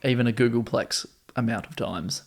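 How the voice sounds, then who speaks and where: A young man chatting on a podcast, eager and full of laughs. His delivery is relaxed and conversational. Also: mid-range voice, normal speed. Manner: enthusiastic, laughs often. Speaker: podcast co-host. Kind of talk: casual chat.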